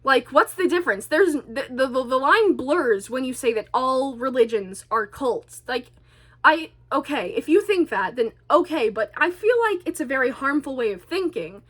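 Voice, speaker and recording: High-pitched rambling woman vlogger. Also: lively intonation, moderate pace, fairly bright tone. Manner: stutters; chatty, rambling, self-deprecating. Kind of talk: casual rambling monologue.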